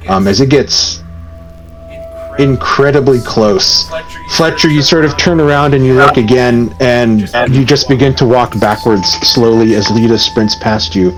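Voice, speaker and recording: Man, game master, tabletop horror narration, measured, hesitant, mid pitch, faint background music. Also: low-quality recording. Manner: measured, slow, hesitant with many ums.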